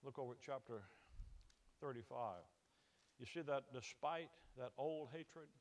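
A man preaching an expository Bible sermon, animated, often repeating words and acting out God's voice in folksy paraphrase. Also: mid-range voice, a little slow.

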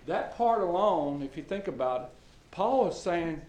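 A man's voice: on the high side, expressive, unhurried, a little mellow, slight background noise. A middle-aged man preaching a sermon in a folksy storytelling way, with lots of fillers and restarts, in a church hall. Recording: echoey church hall with faint ambience.

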